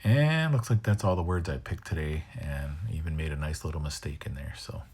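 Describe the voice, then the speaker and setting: Man, language teacher, very low voice, husky, slow careful repetition, whispers sounds to compare. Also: darkish tone. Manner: slow, repeats words carefully, whispers sounds to contrast them. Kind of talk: pronunciation lesson.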